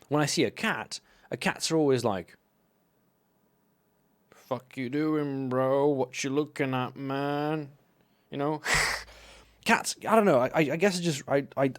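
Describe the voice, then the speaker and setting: A young man from Slovenia tells stories on a live stream in a loose, rambling way. He swears freely and often restarts his sentences, and his voice sits at an ordinary middle pitch. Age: young adult. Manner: rambling, profane, animated anecdotes. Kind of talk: casual live-stream storytelling.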